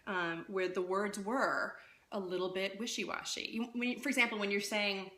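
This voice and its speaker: A woman coaching public speaking in a casual live-streamed talk, lively and conversational, often checking in with "right?". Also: medium pitch, normal speed, reverberant. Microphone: phone.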